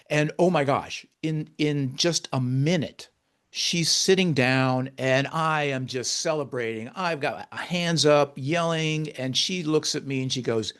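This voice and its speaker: Man telling a heartfelt caregiving story. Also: fairly high pitch. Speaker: guest, caregiver and author. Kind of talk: personal storytelling in an interview.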